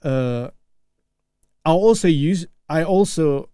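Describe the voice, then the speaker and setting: A man's voice: fairly high pitch, animated, takes it slowly, dark tone, clear, resonant tone, no room sound, clean studio sound. A man from Indonesia with an Indonesian accent, a native Indonesian speaker, thinking aloud in an unscripted solo vlog and often restarting and repeating phrases. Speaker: vlogger practicing English.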